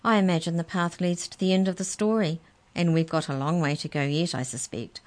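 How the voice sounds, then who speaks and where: A woman voicing a caged mouse who speaks in a careful, measured, thoughtful way. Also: lowish voice, steady tone, darkish tone, close to an everyday voice.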